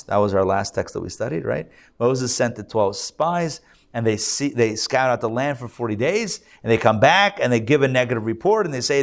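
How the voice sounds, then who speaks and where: A man's voice: mid-range voice, expressive, a little fast, vocal fry. A man teaching a live scripture class as a rabbi, speaking conversationally with fillers and restarts.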